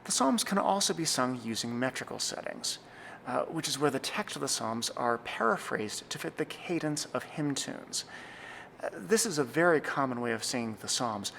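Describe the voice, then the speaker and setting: A young man, a church music director, giving an earnest, scripted tutorial, sometimes slowing to a careful, deliberate reading pace. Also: mid-range voice, lively intonation, creaky, a bit bright, a little hiss or hum. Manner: measured, earnest, reads slowly and deliberately in demonstrations. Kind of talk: scripted instructional talk.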